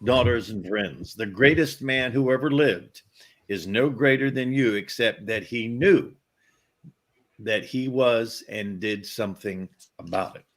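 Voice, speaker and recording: A man's voice: medium pitch, unhurried. A man taking part in an online class. He reads a passage aloud and then adds his own earnest comments. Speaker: class participant reading aloud. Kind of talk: reading a text aloud and commenting.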